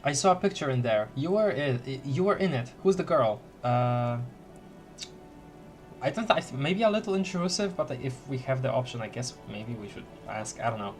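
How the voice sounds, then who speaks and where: Guy streaming a story game, reads the lines out, giggles, mid pitch, faint music behind. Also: animated, normal speed. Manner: giggly, muttering, repeats words playfully. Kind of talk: casual game playthrough, reading dialogue aloud.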